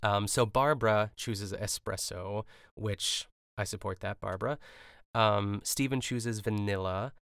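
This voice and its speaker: Male podcast host, low gravelly voice, rambling and chatty, dry close mic. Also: measured pace, fairly bright tone, dry recording. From Pittsburgh. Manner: chatty, rambling, laughs often, lots of fillers. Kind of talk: casual solo recap podcast.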